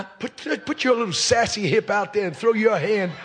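A man preaching a fiery revival sermon at a crusade meeting, shouting, punchy and joking with the congregation. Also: high-pitched, lively intonation, moderate pace, hardly any pauses.

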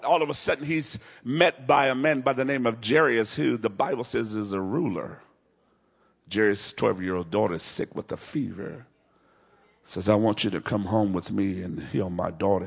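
A man's voice: medium pitch, vocal fry, husky. A man preaching a revival sermon at a large crusade, acting out the dialogue of the story he tells.

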